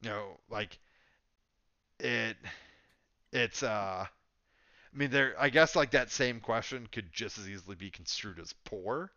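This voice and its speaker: A man's voice: on the low side, slow pace, long pauses, sharp tone, no room sound, lo-fi sound. A man co-hosting a podcast, chatting casually and thinking aloud with lots of fillers. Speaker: podcast co-host. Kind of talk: casual sports chat.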